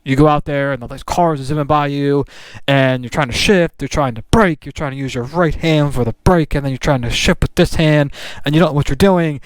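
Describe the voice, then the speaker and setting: Talking a little fast and a little high, with few pauses and no room sound, a man rambles about motorcycles in a casual vlog. He's outdoors on his bike, riding or parked, and keeps restarting and using fillers.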